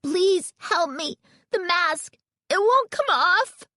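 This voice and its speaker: A woman voicing a panicky young girl with a shrill, pleading voice. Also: expressive, slow, sharp tone, dry recording, studio quality, heavily acted. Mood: panicked.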